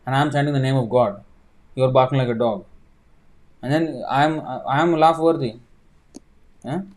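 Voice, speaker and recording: A man's voice: medium pitch, measured pace, darkish tone. A man, a spiritual teacher answering viewer questions in a livestreamed sermon, emphatic and fond of rhetorical questions.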